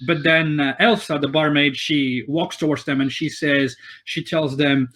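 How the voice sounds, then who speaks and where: A man's voice: fairly high pitch, steady tone, measured pace, few pauses, a bit bright. A man narrating as game master of a tabletop game, with many fillers and restarts.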